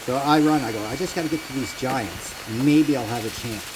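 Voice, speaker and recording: Loud game music plays under this gaming commentator as he talks through his own play, cursing freely and saying his thoughts aloud. He has a medium-pitched voice and speaks fairly quickly over background noise.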